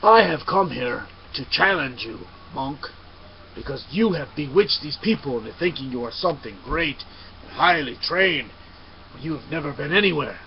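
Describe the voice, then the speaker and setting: Guy putting on a blustering proud samurai, loud and kinda high, slow, muffled lo-fi sound. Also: sing-song, slight background noise, exaggerated voice. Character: proud angry male samurai warrior.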